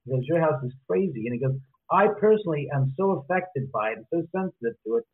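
A man, a guest author, retelling a story in lively detail and acting out both sides of each conversation. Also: a little high, fast talker. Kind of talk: animated storytelling in an interview. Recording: tinny phone line.

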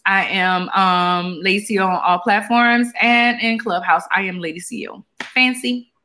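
A woman's voice: mid-range voice, fairly even intonation, normal speed, bright, forceful tone. A woman co-hosting a podcast in casual chat, rambling with fillers and sounding tired. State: tired, yawning. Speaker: podcast co-host.

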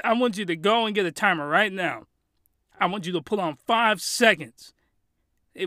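A man's voice: sits high, bright, forceful tone, clean tone, no echo, studio quality. A young man reviewing an anime in a rambling, hyped comedy vlog, full of crude jokes and restarts.

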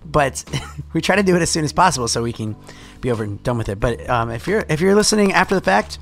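A man's voice: fairly high pitch, lively intonation, fast. A man co-hosts a casual live-streamed chat show in an easygoing, rambling way. He often repeats words and laughs lightly as he talks. Faint music plays behind him.

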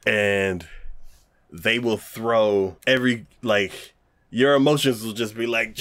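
A man in casual chat recapping a show, an animated storyteller who acts out characters and laughs often. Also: lowish voice, moderate pace, dry recording. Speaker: podcast co-host recapping an anime.

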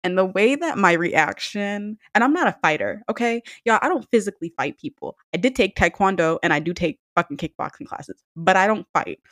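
A young woman chats as a podcast co-host, blunt and foul-mouthed. She acts out what others said while she tells her stories. Her voice sits at a middle pitch and sounds dry and close, with no room echo. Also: expressive, brisk, few pauses, a bit bright. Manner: blunt, profane storytelling with acted-out quotes. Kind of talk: casual chat.

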